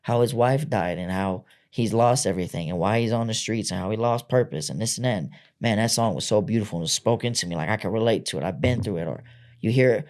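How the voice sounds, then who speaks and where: A man's voice: fairly low pitch, fast talker, a little mellow. A man on a podcast as a guest, telling his own story candidly in blunt, profane everyday speech. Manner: blunt and profane, acts out quoted voices.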